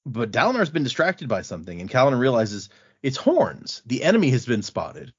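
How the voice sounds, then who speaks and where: A man hosting a podcast, casually walking through a book's chapters in an animated retelling. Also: medium pitch, fairly quick, husky. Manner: animated retelling, acting out quotes in passing. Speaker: podcast host recapping a book. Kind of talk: casual chat. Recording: dull lo-fi podcast audio.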